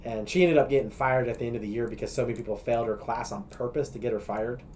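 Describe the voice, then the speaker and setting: A young man from Colorado chats casually as a podcast guest, tossing out sarcastic quips. His voice is mid-pitched and unremarkable. Faint noise hums beneath the recording. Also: quick pace, darkish tone. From Colorado, USA. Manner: sarcastic, wisecracking. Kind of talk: casual chat.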